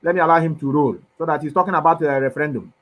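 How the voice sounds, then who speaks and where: A man giving an impassioned political monologue, emphatic and preachy, his voice swinging from loud to soft. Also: a little high, very fast, poor audio. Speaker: commentator.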